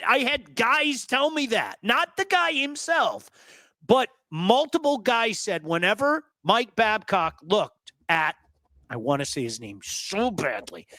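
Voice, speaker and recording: A man hosting a sports talk show, telling stories in an emphatic, animated way and repeating words for effect. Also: high-pitched, no echo. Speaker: sports radio host.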